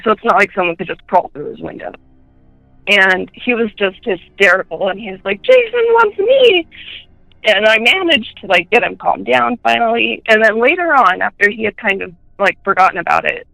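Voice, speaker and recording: A woman telling personal ghost stories in a chatty way, full of fillers, and switching into high voices when she quotes people. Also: creaky, pushed and bright, dry recording, low-quality recording. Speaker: guest.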